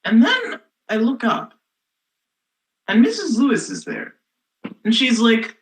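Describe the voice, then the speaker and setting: A young woman student actor plays a snarky, rebellious teenage girl in a comic stage monologue, sounding sardonic, sarcastic and exasperated. Her lively voice sits on the high side and moves at a slow pace, and the audio is poor.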